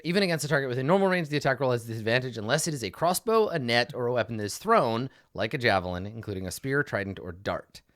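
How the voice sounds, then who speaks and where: Male game master, energetic and chatty, pitch all over the place, dry mic. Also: no echo. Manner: animated, laughing, many fillers. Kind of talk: narrating a tabletop game.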